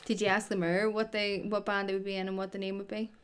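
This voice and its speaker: A woman's voice: medium pitch, flat delivery, fast talker, smooth. A woman guesting on a podcast in casual chat, teasing the host and laughing often.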